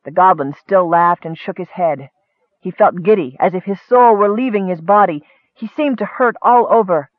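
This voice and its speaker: High-voiced man reading a fantasy story. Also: moderate pace, no echo, narrow, tinny audio. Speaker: narrator. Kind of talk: audiobook fantasy narration.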